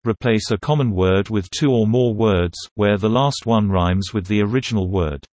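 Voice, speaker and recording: A man reading slang terms and their meanings in a measured, deliberate teaching delivery. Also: lowish voice, darkish tone, no room sound. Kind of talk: slow explanatory reading of word pairs.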